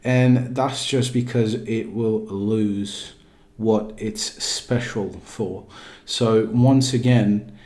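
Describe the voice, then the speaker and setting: A man's voice: lowish voice, steady tone, extremely slow, darkish tone. A man doing a put-on British accent, giving a rambling opinion monologue about a game, full of fillers and restarts. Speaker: gaming video creator.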